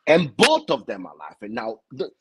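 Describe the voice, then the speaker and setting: Lively husky man. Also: mid-range voice, normal speed, rough recording. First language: French. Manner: animated, stammering repeats, acts out other voices. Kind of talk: casual comic storytelling.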